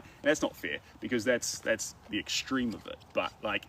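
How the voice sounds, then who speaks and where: A man's voice: lowish voice, animated, normal speed, few pauses, noisy background. A man with a New Zealand accent chatting casually and rambling with filler words while he paints. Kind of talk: casual chat. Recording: distant mic, faint outdoor ambience.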